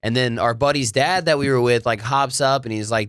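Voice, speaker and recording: A man's voice: medium pitch, fast, few pauses, a bit bright, clear, resonant tone, dry recording, studio quality. A young man casually telling a rambling story to his co-hosts, full of fillers and swearing, often laughing. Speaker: podcast co-host.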